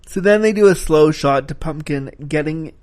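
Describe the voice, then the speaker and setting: A man talks through a film in a loose, conversational review, sounding frank and openly critical. His voice sits a little high for a man, and he drops the odd swear word as he goes. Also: moderate pace, a little mellow. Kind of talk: casual spoken film review.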